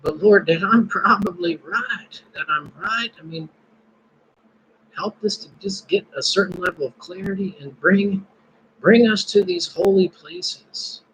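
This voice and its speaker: A man's voice: high-pitched, a little slow, a bit bright, a little hiss or hum, rough recording. A man hosting a casual live stream, musing and praying aloud between his thoughts. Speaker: podcast host.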